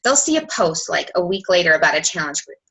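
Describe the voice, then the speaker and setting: A woman in her thirties giving casual coaching talk on a team call, chatty and quick, full of "like" and acted-out quoted messages. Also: on the low side, sing-song, sharp tone, rough recording. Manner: fast, chatty, lots of "like", acts out quoted messages.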